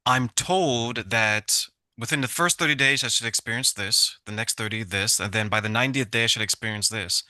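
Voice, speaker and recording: A man's voice: medium pitch, normal speed, few pauses, sharp tone, no room sound. A man hosting a casual conversation, asking reflective questions and voicing a listener's doubts.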